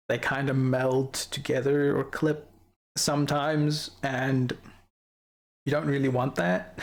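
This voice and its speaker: Showing off an avatar model on a casual live stream, a young adult chats with viewers, rambling through ideas and giggling frequently. Their voice is mid-range with vocal fry.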